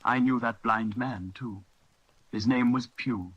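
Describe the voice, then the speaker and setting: A man's voice: medium pitch, slow pace, breathy edge, dry recording, muffled recording. A man voicing an eager, polite young cabin boy who speaks earnestly.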